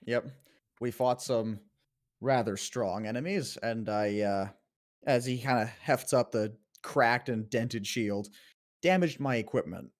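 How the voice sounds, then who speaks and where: A man in a tabletop game who speaks in a calm, even middle voice. He pauses and says uh while he works out what his character does. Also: medium pitch. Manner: calm, halting, with uhs. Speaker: player. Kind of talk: casual tabletop play.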